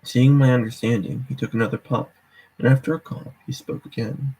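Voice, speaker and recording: A man reads a horror story aloud in a casual live session and often restarts and corrects his words. His voice is dark and mellow, with a gravelly, husky grain. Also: mid-range voice, fairly even intonation, brisk, low-quality recording. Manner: stumbles and corrects himself often. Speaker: reader.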